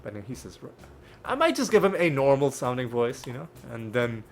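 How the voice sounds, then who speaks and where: Gravelly man commenting on gameplay. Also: mid-range voice, very animated, a little fast, a little hiss or hum. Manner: chatty, laughs often, restarts words. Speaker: gaming channel host. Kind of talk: casual game commentary.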